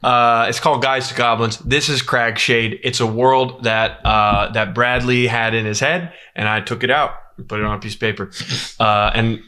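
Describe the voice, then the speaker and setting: A man's voice: mid-range voice, steady tone, normal speed, pushed and bright, clear, resonant tone. A man narrating a tabletop game as game master, in loose rambling speech full of fillers.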